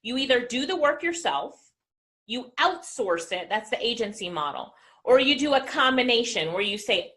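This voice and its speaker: A woman business coach giving an energetic motivational talk and asking the audience questions. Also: a little high, normal speed.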